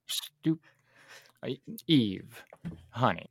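An actor playing a blunt, indignant middle-aged husband in an audio drama, with a gravelly voice. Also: male voice, medium pitch, expressive, extremely slow, no room sound, clean studio sound, heavily acted. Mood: exasperated. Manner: indignant, talks over others.

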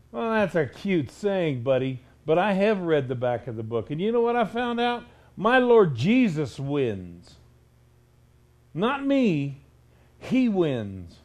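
A male preacher delivers a stern, emphatic sermon in a notably high voice. He keeps pressing his listeners with pointed rhetorical questions. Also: a little mellow.

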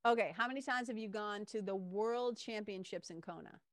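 A woman hosting a podcast, telling stories in a lively casual way and swearing now and then. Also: medium pitch, a little fast, no echo, clean studio sound. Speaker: podcast host. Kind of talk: casual interview chat.

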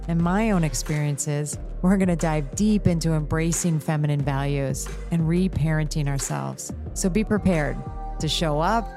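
A woman's voice: low-pitched, a little mellow. A woman hosting a podcast, introducing her guest in an effusive, rambling way with many restarts. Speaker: podcast host.

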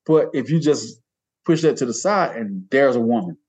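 A man in his fifties, an artist guest, telling stories in casual conversation, animated, laughing often and pitching his voice up high when he quotes people. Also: moderate pace, husky. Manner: plain informal speech with dropped verbs.

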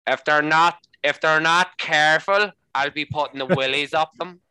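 A man's voice: on the high side, steady tone, normal speed, bright, forceful tone, clean tone, no room sound, rough recording. A man putting on a blunt, mock-threatening male coworker with a Belfast accent. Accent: Northern Irish, Belfast.

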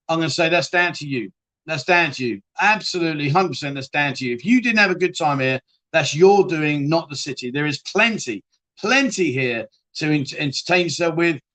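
This man runs a live-stream chat show in a casual, rambling way. He is blunt and chatty and swears freely, and he often restarts mid-sentence as he answers viewers. His voice sits a little higher than most men's. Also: fairly bright tone.

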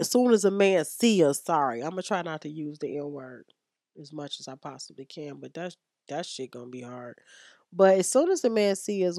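A woman's voice: low-pitched, a little mellow, no echo, clean studio sound. A woman hosting a podcast, giving frank advice in a blunt, profane, emphatic way and repeating herself for emphasis. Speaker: podcast host and hairstylist. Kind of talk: frank casual advice talk.

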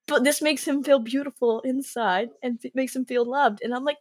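A woman game master telling tabletop stories in casual chat, animated and quoting her players. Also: high-pitched, brisk, dry recording. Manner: animated, quotes players in lively voices. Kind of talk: casual podcast storytelling.

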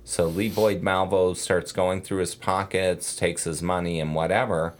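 A man's voice: low-pitched, little pitch movement, a little slow. A man hosting a casual true crime podcast, telling the case in a rambling way with many fillers and self-corrections.

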